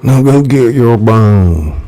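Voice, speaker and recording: A man's voice: mid-range voice, expressive, takes it slowly, warm tone, faint music behind, voice pushed up. A man voicing a serious young dockworker, speaking plainly and dryly. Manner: serious, dry. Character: grounded young dockworker, the hero.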